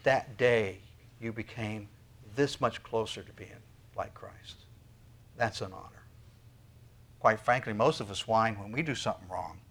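A man preaching a sermon, talking to the congregation with rhetorical questions and swinging from loud emphasis to near whispers. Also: lowish voice, a little slow, pauses often. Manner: emphatic preaching with sudden loud peaks and quiet drops. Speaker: pastor.

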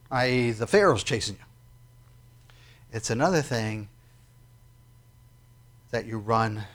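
This pastor's voice is medium in pitch and fairly bright. He preaches in a conversational manner and often poses questions to his audience.

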